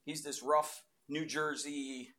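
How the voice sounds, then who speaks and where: A man in his fifties stands before a church audience and tells his testimony. His delivery swings from sudden loud bursts to quiet, hushed asides, and he keeps the story moving with lively energy. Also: a little high, slow pace. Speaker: speaker giving a testimony. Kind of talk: testimony talk to a live audience.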